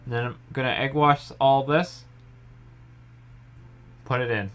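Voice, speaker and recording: A young man in his home kitchen, calmly explaining each step of a pie recipe in a casual tutorial. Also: mid-range voice, a little slow. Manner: relaxed step-by-step explaining, trailing off softly. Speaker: home baker.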